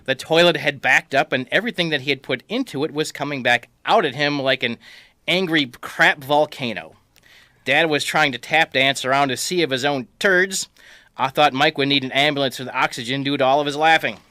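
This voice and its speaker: A man reading a comic personal story aloud in a wry, deadpan way. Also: fairly high pitch, brisk, no room sound.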